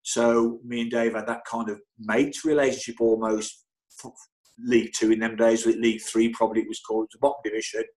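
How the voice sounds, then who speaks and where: Middle-aged man telling lively stories. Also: medium pitch, brisk, rough recording. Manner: lively storyteller, stammers and repeats words. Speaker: football club physio, guest. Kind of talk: anecdotal interview storytelling.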